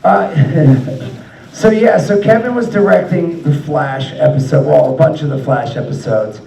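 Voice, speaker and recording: A man's voice: a little high, vocal fry, dark tone. A man telling loose, profane stories as a guest on a convention panel, laughing often. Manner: rambling, profane, laughing storyteller. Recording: echoey hall, mic from far off.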